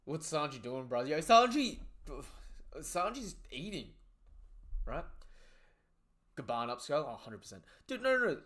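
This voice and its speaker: A man giving excited, profanity-laden live commentary while reading through a comic chapter and chatting to viewers. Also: a little high, unhurried, pauses often. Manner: excitable, swears freely; reads the panels aloud as he goes. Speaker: live reaction streamer. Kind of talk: casual live reaction commentary.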